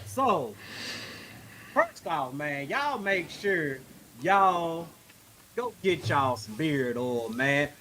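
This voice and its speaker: A man's voice: on the high side, sharp tone, slight background noise. A man co-hosting a sports podcast, laid-back and profane, tacking "man" onto nearly every line. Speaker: podcast co-host. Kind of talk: casual sports podcast chat.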